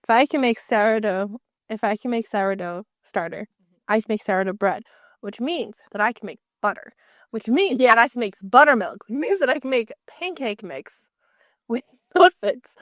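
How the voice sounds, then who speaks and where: A woman co-hosting a casual podcast, her voice a touch high and recorded dry and close. She talks fast, laughs easily and builds playful runaway chains of ideas. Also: animated, no room sound. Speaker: podcast co-host.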